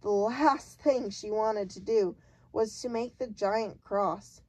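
Slow, unhurried woman reading aloud. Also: medium pitch, a little mellow, rough recording. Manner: unhurried, occasional self-corrections. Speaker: storybook reader. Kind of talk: reading a children's book aloud.

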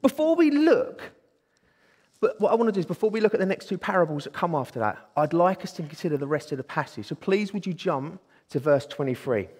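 A man preaching a sermon in a church, excitable and eager. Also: on the high side, brisk, husky. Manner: excitable, bursts into exclaiming. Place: church hall. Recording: long hall reverb.

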